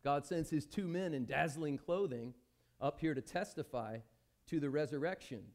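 A man's voice: fairly high pitch, moderate pace. A man preaching a sermon at a church service, talking conversationally and putting questions to the congregation. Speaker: pastor.

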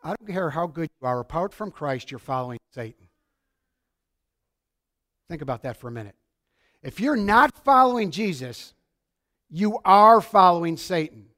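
Excitable high-voiced male preacher. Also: moderate pace, long pauses. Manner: excitable, shouts then drops to quiet. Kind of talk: sermon. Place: church sanctuary.

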